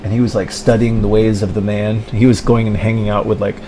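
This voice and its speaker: A man's voice: lowish voice, level tone, fairly quick, background noise. A man ranting in a rambling monologue, full of filler words and mocking impressions of other people. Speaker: vlogger.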